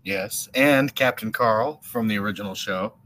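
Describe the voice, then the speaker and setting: A man's voice: on the low side, moderate pace, fairly bright tone, low-quality recording. A man co-hosting a podcast, chiming in with short reactions and laughter in casual chat. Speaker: podcast co-host.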